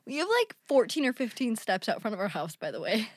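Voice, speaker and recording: A woman's voice: a little high, very animated, a little fast, husky, no echo, studio quality. A young woman co-hosting a podcast in casual chat, blunt, swearing freely and laughing a lot. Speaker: podcast co-host.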